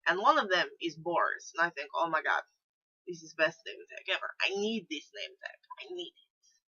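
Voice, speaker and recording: A woman's voice: lowish voice, animated, normal speed, pushed and bright, slightly rough, voice pushed down, exaggerated voice. A woman doing a put-on Russian accent in blunt, broken English, playing a brash storyteller. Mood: boastful. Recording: dull lo-fi recording.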